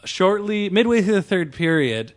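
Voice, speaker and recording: A man telling a funny personal story to friends on a podcast, animated and full of restarts. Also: sits high, normal speed. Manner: animated, laughs while telling, lots of restarts. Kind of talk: casual storytelling among friends.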